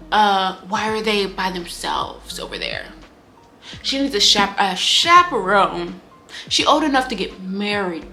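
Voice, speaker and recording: A woman giving a casual book review on her vlog, talking in an animated, candid way, swearing freely and acting out lines from the story. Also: mid-range voice. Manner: animated, candid and profane, acts out quotes.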